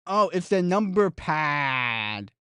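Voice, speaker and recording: A young adult streamer in casual live commentary. The voice swings widely in pitch, and the delivery is unhurried and jokey. The recording is dry and close. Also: smooth, dry recording. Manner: excitable, chatty, jokey, addresses viewers as guys. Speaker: streamer reacting to esports races.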